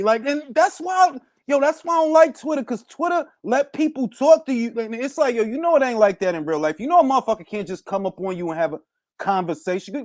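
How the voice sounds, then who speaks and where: A man in a loose, profane rant, his pitch leaping all over the place. He talks in street slang and drops into Spanish phrases, and the sound is close and dry with no room around it. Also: lively intonation, moderate pace, a little mellow, no room sound. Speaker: podcast host. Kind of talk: casual rant.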